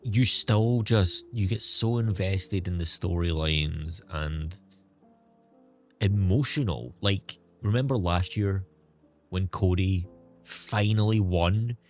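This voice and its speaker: A streamer with a fairly low voice talks casually to his viewers. He is sarcastic and swears freely, and soft music plays behind him. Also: slow pace.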